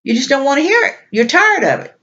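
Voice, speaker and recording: A woman's voice: high-pitched, big pitch swings, fast talker, fairly bright tone. A woman vlogger venting in an exasperated, repetitive rant. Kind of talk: venting monologue. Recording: dull lo-fi recording.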